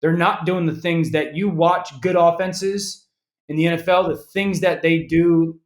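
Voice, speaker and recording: Man, football analyst, animated, slightly high voice, echoey room. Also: a little slow. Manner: animated, restarts often. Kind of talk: casual interview talk.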